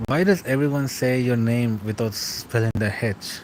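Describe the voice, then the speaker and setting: A young man rambles easily through a late-night stream, answering chat with loose, chuckling asides. His voice sits at a middle pitch. Faint traffic noise can be heard under it. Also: normal speed, poor audio.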